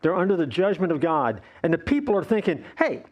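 Husky animated preacher man. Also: a little high, a little fast, dull audio. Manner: conversational, joking, animated preaching. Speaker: pastor. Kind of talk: sermon.

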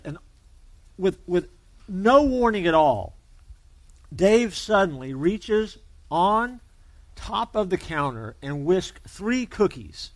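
A man's voice: high-pitched, no room sound. A man preaching a sermon as pastor, conversational and joking as he tells a story.

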